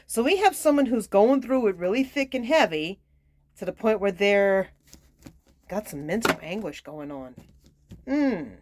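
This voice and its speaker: A woman's voice: medium pitch, lively intonation, measured pace, a little mellow. A woman giving a casual tarot reading, reading card meanings aloud between chatty, self-mocking asides. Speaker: tarot reader.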